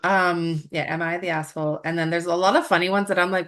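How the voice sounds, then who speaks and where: A woman's voice: lowish voice, fairly even intonation, fast talker, a bit bright. A young woman co-hosting a casual podcast chat, swearing freely and laughing often while snacking. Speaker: podcast co-host.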